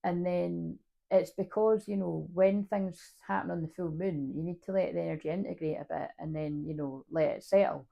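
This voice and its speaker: A woman's voice: fairly low pitch, fairly even intonation, normal speed, gravelly, highs cut off. A woman giving a casual spiritual card reading, rambling, swearing freely and laughing at herself. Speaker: spiritual reader.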